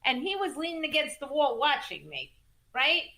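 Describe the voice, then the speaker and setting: A woman guest in a casual interview, telling music business stories in an animated, emphatic way, repeating words for stress and cursing casually. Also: sits high, normal speed. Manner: acts out quoted voices in lively storytelling. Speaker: music manager and entertainment attorney, guest.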